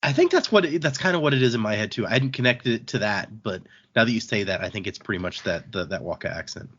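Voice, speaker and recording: A man recaps a story in casual podcast chat, his pitch lively and bouncing. His voice is a bit husky. The audio sounds dull and muffled. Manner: retells scenes, quoting characters in quick asides. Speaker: podcast host summarizing chapters.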